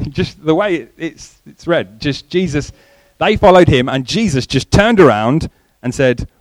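A man preaching a sermon, in a conversational way, often repeating words and pausing. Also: a little high, lively intonation, dry recording, rough recording.

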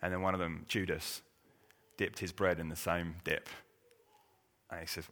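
A man's voice: deep voice, level tone, moderate pace, pauses often, fairly bright tone. A man preaching a sermon, retelling a story in a conversational way and acting out the quotes. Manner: conversational, with restarts and acted quotes.

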